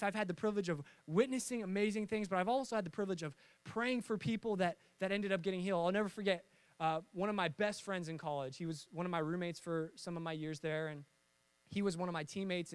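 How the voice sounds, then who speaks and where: A young pastor tells stories from the pulpit in a lively, joking way, often acting out the voices of the people in them. His voice sits high for a man. The sound is dry and close, with no room echo. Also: clean tone. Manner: lively storytelling with jokes and acted-out voices. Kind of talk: sermon.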